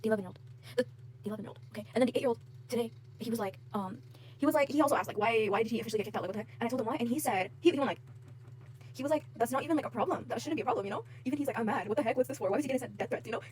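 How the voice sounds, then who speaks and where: A woman's voice: fairly high pitch, rapid-fire, darkish tone, slight background noise. A woman vlogger in a casual rant to camera, heated and frustrated, with lots of fillers and swearing.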